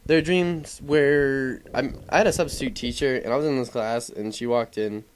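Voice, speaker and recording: A young man talking loosely over gameplay footage in casual voice-over commentary. He rambles along with plenty of filler words and swears freely. His voice sits at an everyday pitch for a man. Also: steady tone, moderate pace, a little hiss or hum. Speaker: gaming commentator.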